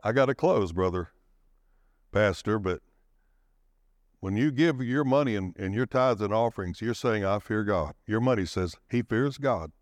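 A man preaching a sermon, swinging his pitch and pace for dramatic emphasis and calling out for the congregation's response. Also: lively intonation, normal speed, no room sound. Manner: calls for audience response.

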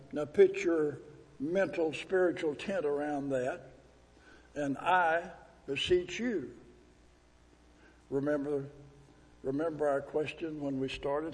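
Slow, husky preaching man in echoing hall. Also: on the high side, a little mellow. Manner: pleading, emphatic preaching with slow drawn-out scripture reading. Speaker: pastor. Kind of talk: sermon. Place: church sanctuary. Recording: echoey hall with long reverb.

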